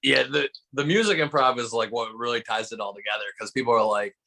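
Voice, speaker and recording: A gravelly, mid-range voice comes from a young Michigan stand-up comic who is a guest on a podcast, talking at a quick pace. He tells stories animatedly in relaxed chat loaded with "like" fillers, over a rough recording.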